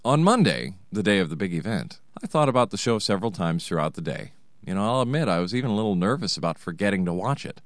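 Deep-voiced American male storyteller with a wry, sarcastic, digressive manner and a lively delivery. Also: quick pace, no room sound, studio quality. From United States. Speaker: narrator, host. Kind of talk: comic personal storytelling.

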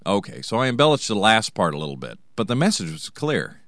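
Deep-voiced American male storyteller with a wry, sarcastic, digressive manner and a lively delivery. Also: fairly quick, no room sound, clean studio sound. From United States. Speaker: narrator, host. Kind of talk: comic personal storytelling.

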